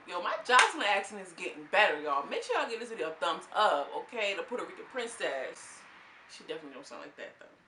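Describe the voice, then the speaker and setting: A woman giving a chatty, laughing recap of a reality show, animated and full of asides. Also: mid-range voice, quick pace, slight background noise. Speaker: show reviewer. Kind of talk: casual gossip recap. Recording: echoey room.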